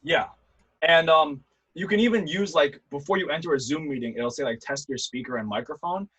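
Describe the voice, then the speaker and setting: A young man teaching a debate workshop over a video call, lively and demonstrative, swinging between loud and quiet. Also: fairly high pitch, fairly quick, husky, lo-fi sound. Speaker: debate instructor. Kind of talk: online workshop lecture. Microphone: computer mic on a video call.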